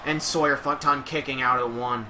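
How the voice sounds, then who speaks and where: A young man doing energetic play-by-play commentary over a wrestling video game, shouting at the big moves, his voice going a little rough from use. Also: medium pitch, normal speed, a little hiss or hum.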